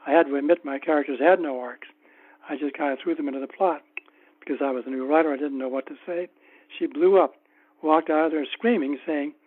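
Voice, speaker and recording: Male author guest with a slightly high voice, wry and anecdotal, on a tinny phone-like line. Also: steady tone, a little fast. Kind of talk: casual interview storytelling.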